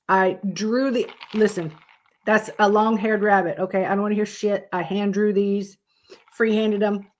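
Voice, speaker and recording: A woman's voice: mid-range voice, fairly even intonation, a little slow. A woman hosting a live stream, chatting casually with her viewers, greeting them by name and swearing freely.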